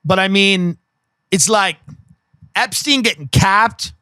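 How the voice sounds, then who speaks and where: A man's voice: high-pitched, slow pace, pushed and bright, no echo, clean studio sound. A man hosting a podcast, delivering a profane, sarcastic comedic rant that mocks the people he describes. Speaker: podcast host.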